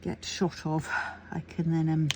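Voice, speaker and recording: A woman's voice: sits low, monotone, a little slow, warm tone, slight background noise. A woman vlogger chatting casually to camera at home, rambling and thinking aloud with plenty of fillers. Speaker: crafting vlogger.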